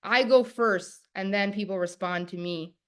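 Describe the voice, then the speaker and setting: This medium-pitched woman's voice is smooth and a little slow. As a coach running a live online masterclass, she addresses viewers head-on, using an emphatic, preacher-like rhythm and repeating her main points.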